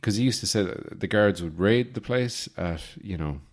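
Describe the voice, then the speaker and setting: An Irish man in his forties, hosting a podcast with a rambling, deadpan comic monologue full of fillers and restarts. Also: lowish voice, moderate pace. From Ireland. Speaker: podcast host.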